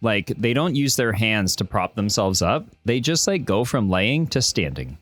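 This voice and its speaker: A man narrating a tabletop game as game master on a podcast, telling the scene in a descriptive, animated way. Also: on the low side, normal speed, no room sound, soft background music.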